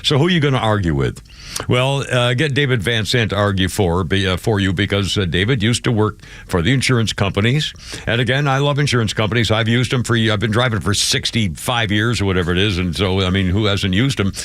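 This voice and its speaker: A man's voice: lowish voice, a little fast, a bit bright, no room sound. Older man hosting talk radio: rambling, filler-heavy, dry close studio mic. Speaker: radio show host. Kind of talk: casual talk radio chat. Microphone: studio microphone.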